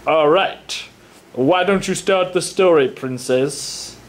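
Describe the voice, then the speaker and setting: Man playing a boastful fake prince, pompous mock-old speech, high voice, slow and drawn out. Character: boastful sword-waving villager posing as prince. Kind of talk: improvised comedy skit.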